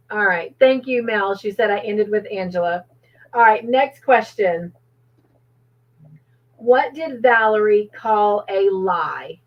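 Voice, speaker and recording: A woman's voice: medium pitch, takes it slowly, pauses often, highs cut off. A woman hosting a livestream trivia game, cheerfully reading out viewers' comments and laughing often.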